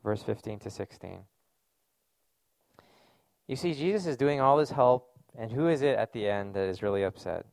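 Man preaching with a gravelly edge. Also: on the low side, lively intonation, normal speed, pauses often, darkish tone, dry recording. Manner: conversational, earnest preaching with casual fillers. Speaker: pastor. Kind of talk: sermon.

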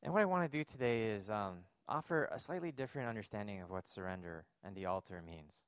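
A man's voice: lowish voice, clear, resonant tone, no room sound, studio quality. A man preaching a sermon, earnest and emphatic, posing rhetorical questions to his congregation. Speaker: pastor.

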